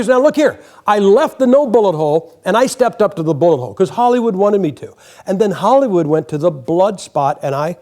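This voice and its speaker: Animated older man preaching, high lively voice. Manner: folksy and joking, acts out quotes. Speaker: guest preacher. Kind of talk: sermon. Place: church sanctuary.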